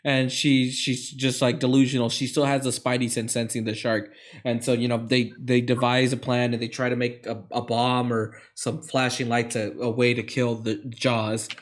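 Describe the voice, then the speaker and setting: A man's voice: medium pitch, little pitch movement, normal speed. A man co-hosting a casual movie podcast, recapping the plot in a rambling way with swearing and laughs. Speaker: podcast co-host.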